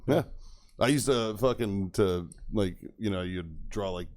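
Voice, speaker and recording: A man's voice: fairly low pitch, a little slow, a little mellow, a little hiss or hum. A young man telling profane stories on a casual podcast, laughing often and acting out quoted voices. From Texas. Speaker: podcast co-host. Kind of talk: casual storytelling chat.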